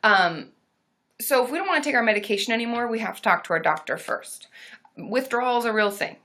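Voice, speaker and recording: Bright-voiced woman therapist chatting live. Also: a little high, lively intonation, a little fast. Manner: chatty, reads viewer comments aloud, bursts into loud monkey whoops. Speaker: therapist hosting a live stream. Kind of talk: casual live-stream Q&A.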